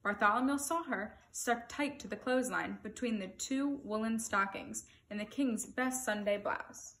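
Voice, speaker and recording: This is a woman reading a children's picture book with expressive, animated storytelling, her voice slightly high and her pace moderate.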